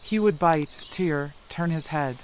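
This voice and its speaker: Male storyteller, slightly high voice, calm even reading of a kids' tale. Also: slow, a little hiss or hum. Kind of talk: scripted story narration.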